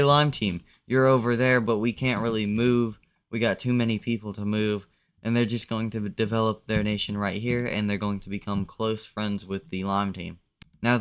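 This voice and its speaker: Male commentator, low and smooth, relaxed conversational narration of a simulation. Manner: loose, conversational, uses "like" a lot. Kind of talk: casual narration of a map simulation.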